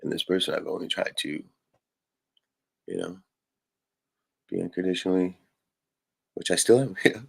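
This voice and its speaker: Low husky man, rambling streamer rant, keeps asking "right?". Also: moderate pace, long pauses. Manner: rambling, fills with "right?" and swearing. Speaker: live streamer. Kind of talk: casual venting monologue.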